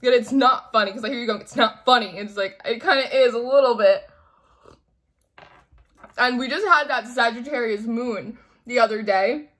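A woman talks through a tarot reading in a loose, chatty way. She acts out quoted voices and laughs often. Her voice is bright and sits a little high. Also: normal speed, pauses often. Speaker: tarot reader. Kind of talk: casual spoken tarot reading.

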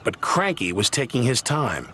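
A man narrating a children's story in a lively, expressive reading, with loud music underneath. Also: mid-range voice, normal speed.

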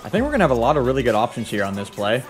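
A young man hosting excited commentary over a football video game, shouting at big plays, his voice cracking now and then. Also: medium pitch, very fast, over music. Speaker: gaming YouTuber. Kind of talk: excited let's-play commentary.

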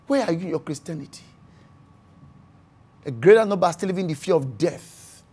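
A pastor preaching a sermon, acting out scripture scenes and repeating key phrases, swinging from loud bursts to hushed lines. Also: medium pitch, animated, fairly quick, breathy edge.

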